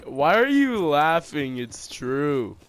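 A man's voice: fairly high pitch, sing-song, slow pace, a bit bright. A man trash-talking an opponent over online game chat, mocking and insulting. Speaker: online gamer.

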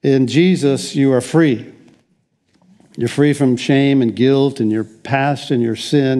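A middle-aged man from the United States preaching in a loose, conversational way, stumbling over words and circling back. His voice sits a little high for a man but sounds mellow and warm. He talks like a pastor chatting with his congregation. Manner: rambling, conversational, frequent restarts. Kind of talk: sermon.

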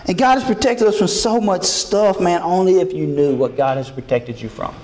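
A man, preaching a sermon in a folksy, animated way and acting out little dialogues with God. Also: high voice, moderate pace, echoey room. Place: church sanctuary.

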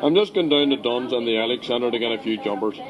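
A man voicing a calm, placating republican politician in a radio comedy sketch. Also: mid-range voice, muffled recording, crowd noise, lightly acted. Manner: slow and placating. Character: calm, soothing Northern Irish republican politician.

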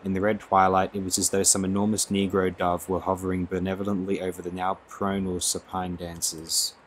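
Low-voiced male audiobook narrator. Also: level tone, fairly quick, slight background noise. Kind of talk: scripted narration.

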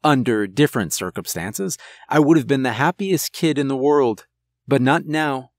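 A man narrating a first-person horror story in a measured, tense way, over faint music. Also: medium pitch, no echo, clean studio sound.

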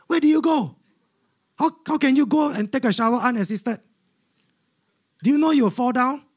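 A man voicing an alarmed hospital nurse who fires off rapid, scolding questions at a patient. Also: very high-pitched, voice pushed up.

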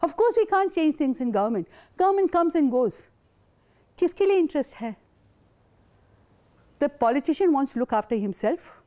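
High-pitched older woman speaking. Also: sing-song, a little fast, pauses often, warm tone. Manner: passionate, indignant storytelling. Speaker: invited speaker. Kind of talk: conference talk.

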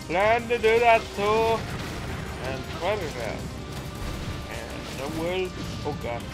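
Goofy teen boy over loud game music. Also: sits high, slow. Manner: goofy, excitable, swears, jumps into silly shouts. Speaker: let's play commentator. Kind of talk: casual gameplay commentary. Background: video game music.

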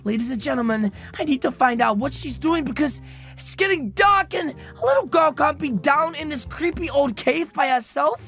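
A woman giving loud, excitable, comedic role-play commentary over gameplay, often shouting and laughing. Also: sits high, normal speed, faint music behind. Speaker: gaming YouTuber.

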